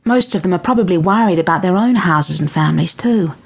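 A woman doing a gentle old grandmother. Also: fairly low pitch, a little fast, gravelly, breathy edge. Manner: soft, gentle, half-whispered. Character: gentle, calm elderly grandmother, wise and kind.

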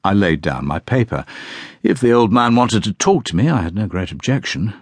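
Deep-voiced man narrating an audiobook. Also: very animated, normal speed, dry recording. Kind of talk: scripted first-person audiobook narration.

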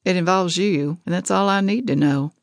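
A woman's voice: fairly low pitch, normal speed, dry recording, studio quality, natural voice. Woman doing a blunt drawling young man. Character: blunt, teasing young man, dry wit.

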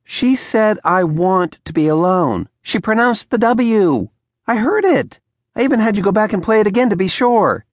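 A male narrator voicing a playful, sharp-tongued young woman in an audiobook, with quick, teasing comebacks. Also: high-pitched, expressive, dry recording, pitched above the performer's own voice. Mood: insistent.

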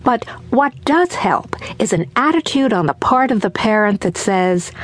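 A woman's voice: mid-range voice, expressive, moderate pace, few pauses. A woman narrating her parenting audiobook in an earnest, conversational way. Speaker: author and narrator.

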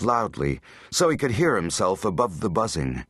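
Male audiobook narrator, low voice, animated delivery, dry close studio sound. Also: moderate pace, hardly any pauses, slightly rough, dry recording. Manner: dramatic, tense storytelling. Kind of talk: scripted narration.

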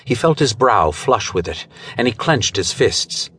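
A man narrating a pulp thriller audiobook in a dramatic, measured storytelling manner. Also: mid-range voice, big pitch swings, fairly bright tone, slightly rough, no echo. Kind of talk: scripted narration.

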